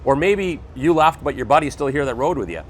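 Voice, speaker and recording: A man's voice: a little high, animated, a little fast, a little hiss or hum, low-quality recording. Folksy upbeat man hosting a livestream. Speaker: event host on a livestream. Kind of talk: casual livestream announcement.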